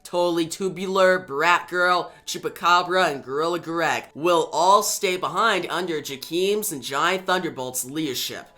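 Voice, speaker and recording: A man reading the lines of a stern adult female superhero leader in a comic recap, sharp and impatient. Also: fairly high pitch, unhurried, few pauses. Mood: urgent.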